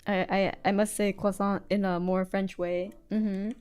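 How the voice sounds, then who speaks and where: A woman's voice: mid-range voice, flat delivery, a little slow, darkish tone, clean tone. A young American woman chatting casually on a live stream while she draws, rambling and giggling with lots of fillers.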